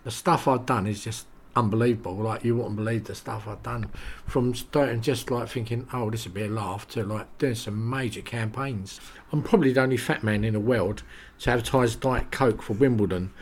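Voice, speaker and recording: A man, a podcast guest telling lively showbiz stories and quoting the people in them. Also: fairly low pitch, normal speed, breathy edge. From England. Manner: animated anecdotes with quoted voices and laughs. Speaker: interview guest. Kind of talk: casual storytelling.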